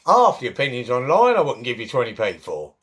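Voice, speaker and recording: A man's voice: medium pitch, huge pitch swings, fairly quick, a bit bright. A middle-aged man, talking in a chatty, rambling monologue full of jokey asides.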